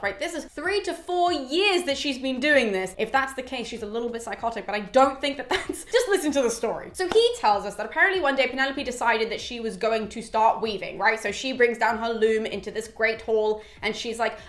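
A woman chatting through an old epic in a rapid, casual way, with the odd swear word. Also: on the high side, fairly bright tone, roomy sound. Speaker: literature explainer. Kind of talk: casual explanatory chat.

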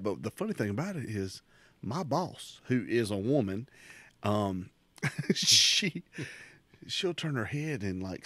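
A middle-aged man tells crude workplace stories on a casual podcast, laughing as he rambles. His voice swings widely in pitch and sits at an ordinary middle height. The sound is dry and close, with no room around it. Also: a bit bright, dry recording. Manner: rambling storyteller, laughs often; crude, joking. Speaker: podcast co-host. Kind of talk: casual chat.

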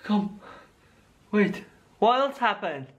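Excitable high-voiced gaming YouTuber man. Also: slow, lo-fi sound, background noise. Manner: excitable, exclaiming to viewers. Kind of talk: excited scripted skit narration.

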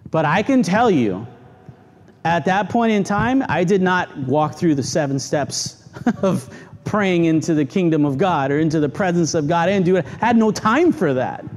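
A middle-aged man, a pastor, preaching a sermon in a church and telling stories with sudden animated outbursts. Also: on the high side, moderate pace. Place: church sanctuary.

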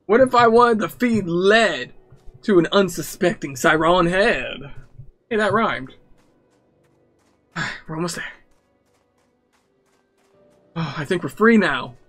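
A man's voice: high-pitched, slow, pauses often, faint music behind. Jokey young man narrating a horror game. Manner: jokey, nervous, excitable. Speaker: gamer. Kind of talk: let's-play commentary.

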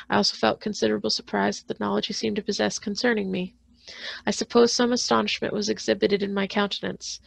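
A woman librarian reading a classic novel aloud in a steady, measured way, with the odd small slip. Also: mid-range voice, vocal fry, no echo.

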